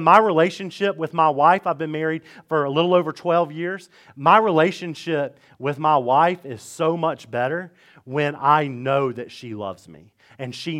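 A man's voice: a little high, a bit bright. A man, preaching a sermon in a church in a casual, conversational way and repeating key points for emphasis. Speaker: pastor. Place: church sanctuary.

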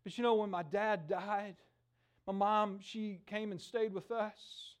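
A middle-aged man preaching a sermon, telling stories with lively acted-out voices. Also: high voice, slow, clean tone. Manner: animated storytelling, acts out voices in the stories. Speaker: pastor.

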